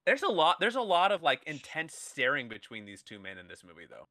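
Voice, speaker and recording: A man's voice: a little high, huge pitch swings, a little fast, pushed and bright, dry recording, clean studio sound. A man in his thirties co-hosting a casual movie podcast, rambling and playful. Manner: rambling, restarts, playful impressions. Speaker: podcast co-host.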